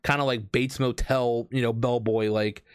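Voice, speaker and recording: A man telling a long story in casual chat, rambling with lots of fillers and restarts, getting animated. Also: mid-range voice, normal speed, clear, resonant tone, dry recording, studio quality. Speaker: escape room game host.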